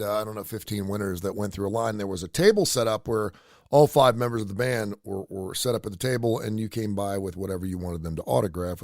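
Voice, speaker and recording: A man's voice: lowish voice, dry recording, studio quality. A middle-aged man, hosting his own radio show in a rambling storytelling way with many fillers. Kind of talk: casual solo radio talk.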